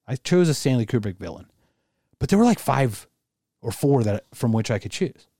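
A man's voice: mid-range voice, sing-song, normal speed, warm tone, dry recording, studio quality. A man co-hosting a podcast, chatting casually with rambling, crude jokes. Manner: joking, rambling, crude humor. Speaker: podcast co-host. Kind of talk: casual chat.

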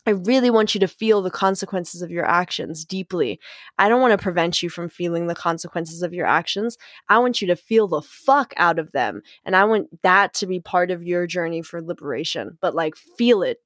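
A woman's voice: fairly low pitch, normal speed, no room sound, clean studio sound. A woman host speaking candidly in a personal monologue, rambling with fillers and self-corrections, and swearing freely to land her points. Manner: frank, profanity-laced, animated emphasis.

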